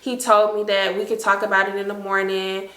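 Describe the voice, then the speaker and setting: A young woman, telling an animated, slangy storytime to her viewers. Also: medium pitch, a little fast, roomy sound. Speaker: storytime vlogger. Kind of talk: casual storytime.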